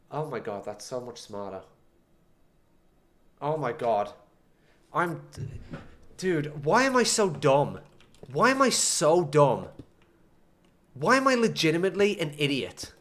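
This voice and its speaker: A man's voice: on the high side, a bit bright. A young man commenting casually on his own gameplay, muttering to himself and breaking into frustrated outbursts. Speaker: gaming streamer.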